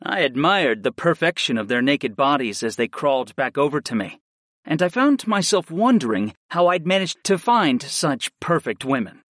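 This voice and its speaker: A man reading a first-person story aloud in a steady, measured narration style. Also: a little high, no echo, studio quality. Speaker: audiobook narrator.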